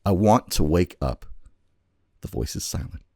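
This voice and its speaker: A man co-hosting a podcast, narrating a choose-your-own-adventure story in a slow, dramatic way. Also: sits low, lively intonation, creaky, dark tone, no echo, clean studio sound.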